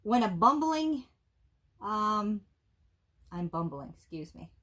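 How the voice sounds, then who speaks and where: A woman's voice: medium pitch, very animated, slow, fairly bright tone. A woman co-hosting a casual movie review show, with wry, dry joking asides. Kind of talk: casual chat.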